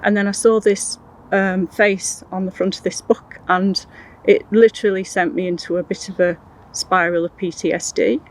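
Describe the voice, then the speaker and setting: An older woman recounting her personal experiences in an interview, in an earnest, halting way with many restarts. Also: medium pitch, fairly even intonation, poor audio. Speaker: interview guest.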